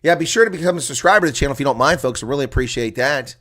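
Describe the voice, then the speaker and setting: A man calling a rugby match live as a chatty, excitable watch-along commentator, with a congested throat that keeps him coughing. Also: medium pitch, very fast. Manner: chatty and excitable, laughs at players' mistakes. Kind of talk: live play-by-play reaction commentary.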